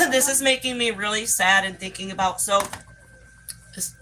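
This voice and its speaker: A woman's voice: high voice, background noise. A woman hosting a casual livestream outdoors by a pool, talking loosely and profanely while coaxing her dogs along. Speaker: livestream host.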